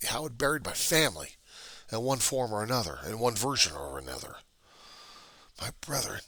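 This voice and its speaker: In this webcam video diary, a man vents in a voice on the low side, bright and forceful, with no echo. He is raw and agitated, swearing a lot and repeating himself throughout the monologue.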